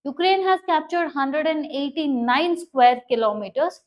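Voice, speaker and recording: High-voiced woman teaching current affairs. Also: unhurried, poor audio. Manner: repeats checks like "understanding?" and "okay", stresses key words. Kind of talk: explanatory lecture on current affairs.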